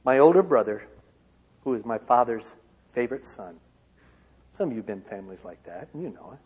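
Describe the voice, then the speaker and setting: Husky man telling his story. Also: mid-range voice, lively intonation, brisk. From Michigan, USA. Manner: dramatic swings from loud to hushed. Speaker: speaker. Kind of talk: personal testimony speech. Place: large auditorium. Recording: long hall reverb.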